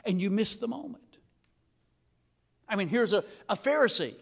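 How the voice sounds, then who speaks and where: A middle-aged man preaching a lively, emphatic live sermon in church, telling stories and calling for amens. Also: high voice, normal speed, gravelly. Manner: storytelling, emphatic, call-and-response. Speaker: guest preacher. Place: church sanctuary.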